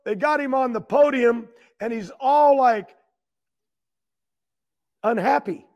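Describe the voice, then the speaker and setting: Older guy, super high voice, rambling and stuttering through a big emotional story. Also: takes it slowly, lo-fi sound. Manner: excitable, rambling, stutters and repeats words. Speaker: guest, retired champion racer.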